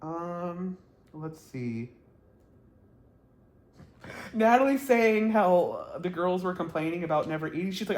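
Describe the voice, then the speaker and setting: A man chatting to camera about a reality show, blunt and gossipy, rambling with lots of ums and quick laughs. His voice sits a bit high for a man. The sound bounces around an echoey room. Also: animated. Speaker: reality TV reviewer. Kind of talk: casual vlog commentary. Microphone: camera mic, talking to camera.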